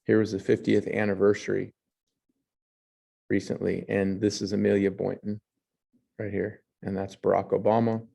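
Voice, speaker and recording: A man's voice: on the low side, little pitch movement, normal speed, gravelly, long pauses, dark tone, husky. A man teaching history, reading passages and then commenting on pictures, with fillers and restarts. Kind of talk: lecture over slides.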